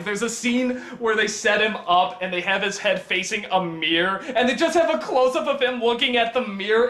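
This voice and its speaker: Bright-voiced man rambling through a review. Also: high voice, roomy sound. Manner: rambling, lots of ums, laughs often. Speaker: film reviewer. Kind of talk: casual spoken film review.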